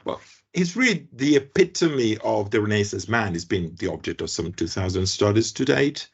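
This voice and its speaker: A man's voice: fairly low pitch, expressive, normal speed, husky, muffled recording. A man with an Italian accent giving an academic seminar lecture, hesitant, with many fillers and restarts. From Italy. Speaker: guest lecturer.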